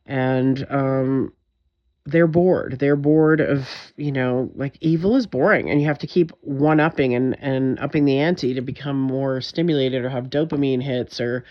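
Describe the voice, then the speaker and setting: A woman's voice: a bass voice, a little slow, lo-fi sound. A woman vlogger in a direct-to-camera monologue, talking in an intense, emphatic way, frustrated and swearing often.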